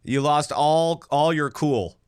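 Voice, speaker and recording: A man's voice: a little high, takes it slowly, smooth, no echo. A man co-hosting a podcast, making teasing, dry comments in casual chat. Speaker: podcast co-host.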